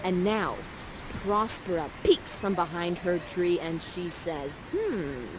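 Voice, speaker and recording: Her voice on the low side, this young immersive theater actor takes it slowly as she narrates and guides the audience of a live interactive show. She keeps it bubbly and casual, full of "like," with background noise present.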